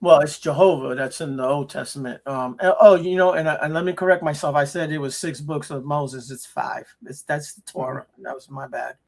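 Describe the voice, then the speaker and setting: A man's voice: on the high side, normal speed, gravelly, few pauses, darkish tone. Opinionated man in casual chat. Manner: confident, opinionated about religion. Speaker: livestream co-host.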